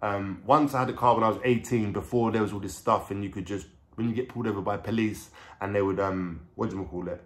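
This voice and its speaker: A man's voice: lowish voice, fairly even intonation, fast, hardly any pauses. A man with a London accent telling a story from his life in casual street slang, with lots of swearing. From England. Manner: street slang, swearing, frequent "you know what I'm saying". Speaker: vlogger.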